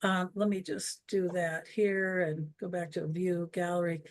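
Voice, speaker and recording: A woman's voice: on the low side, fairly even intonation, a little slow. A woman in her seventies from Wisconsin with an Upper Midwest accent, hosting an online webinar in a chatty, rambling way over a video call. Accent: Upper Midwest American. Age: 70s. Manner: chatty, rambling, self-deprecating. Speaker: webinar host. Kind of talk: casual online webinar chat.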